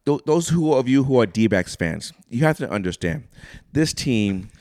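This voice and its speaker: A man co-hosting a casual beer-and-sports podcast, loud and joking, with sudden shouted bursts. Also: medium pitch, animated, normal speed, no echo, studio quality. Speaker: podcast co-host. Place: small room, two mics.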